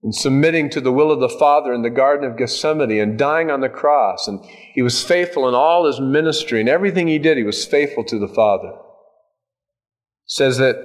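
A male pastor preaching a sermon in a conversational way, with folksy asides and touches of humor. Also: mid-range voice.

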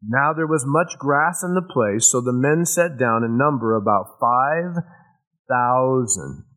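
A man's voice: medium pitch, expressive, slow, fairly bright tone, low-quality recording. A man preaching a sermon in a casual storytelling way, explaining verses and acting out the scenes. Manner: acts out scenes with sound effects and voices. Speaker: pastor.

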